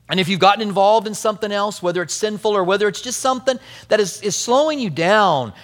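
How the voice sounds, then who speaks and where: Lively high-voiced male pastor preaching. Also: big-room sound. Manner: lively, conversational, joking asides. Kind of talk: sermon.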